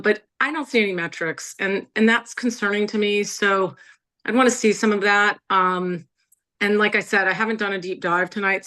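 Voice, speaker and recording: A woman's voice: medium pitch, bright, forceful tone. Woman speaking up at a town meeting, lots of ums, critical and hedging. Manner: hesitant, filler-heavy, critical. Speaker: public commenter. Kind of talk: public comment at a town meeting.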